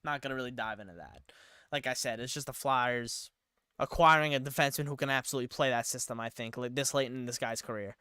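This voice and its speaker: A man's voice: mid-range voice, fast, pushed and bright, smooth, dry recording, clean studio sound. A young man rambling through live-stream sports commentary, thinking aloud and getting himself worked up.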